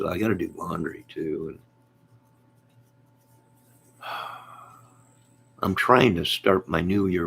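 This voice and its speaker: A man's voice: deep voice, vocal fry, a bit bright, slight background noise. A man hosting a casual live stream from home, rambling about his day, reading out viewer comments and laughing often.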